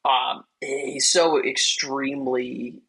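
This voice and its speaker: A man chats loosely about a film on a podcast, his voice forceful and bright with a husky edge. He rambles through plenty of fillers and breaks into acted-out quotes. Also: mid-range voice, flat delivery, takes it slowly, poor audio. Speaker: podcast host. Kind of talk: casual film review chat.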